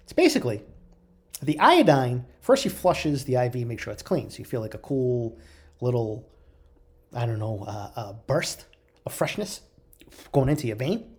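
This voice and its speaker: A man's voice: medium pitch, normal speed, long pauses, husky. A man telling a long personal story in a casual, profane way, acting out the people in it. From Italian heritage, US. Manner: profane, animated, quotes others in voices.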